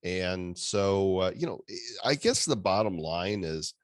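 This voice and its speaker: A man co-hosting a podcast, chatting casually and signing off the episode in a relaxed way. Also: low voice, a little slow, dry recording, studio quality. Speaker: podcast co-host. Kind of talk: casual chat.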